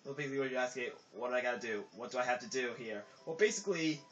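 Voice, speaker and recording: A man's voice: mid-range voice, rapid-fire, a bit bright. A man giving casual gameplay commentary, rambling, with lots of filler words, and often trailing off mid-sentence. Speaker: let's play commentator. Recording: dull lo-fi recording with game music under it.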